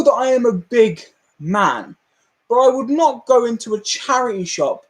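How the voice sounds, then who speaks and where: A man hosting a casual livestream, ranting in an animated way, laughing often and swearing freely. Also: very high-pitched, a little slow. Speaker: livestream host.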